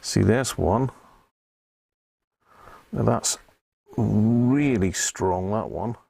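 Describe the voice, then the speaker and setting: A man's voice: fairly low pitch, drawn-out words, creaky, warm tone, slightly rough, no echo. A man streaming live from his workshop, chatting casually and thinking aloud while he repairs an old radio. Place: home workshop.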